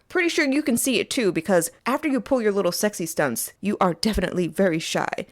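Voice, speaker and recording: A woman hosts a casual fan commentary monologue, speaking straight to her listeners in a playful, animated way. Her pitch swings up and down with plenty of life. She records from a small closet. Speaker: host.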